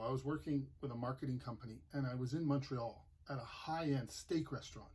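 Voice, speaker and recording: Husky-voiced man hosting. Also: mid-range voice, darkish tone. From Manitoba, Canada. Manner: chatty, storytelling, plainspoken. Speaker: gardening channel host. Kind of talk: casual explanatory vlog.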